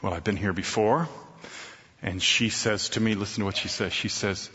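A man's voice: on the low side, steady tone, normal speed, pushed and bright. A man preaching a sermon, telling a story and quoting scripture emphatically, in a reverberant hall. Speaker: pastor. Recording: reverberant hall, dull lo-fi sound.

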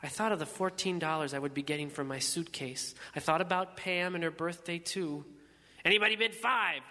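A man narrating a first-person story in a measured, reflective way. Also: a little high, steady tone, a bit bright, big-room sound.

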